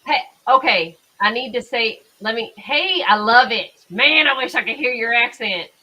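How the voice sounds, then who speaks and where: A woman's voice: a little high, expressive, moderate pace, bright, forceful tone, rough recording. A woman hosting a livestream, chatting casually with her viewers as she comments on a trial. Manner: chatty, talks over the played audio. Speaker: livestream host.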